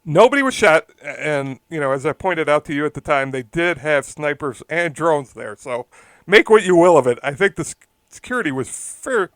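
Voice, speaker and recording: A man's voice: a little high, lively intonation, normal speed, fairly bright tone, no echo. A man co-hosting a casual chat show, telling a rambling story with frequent chuckles. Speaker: podcast co-host.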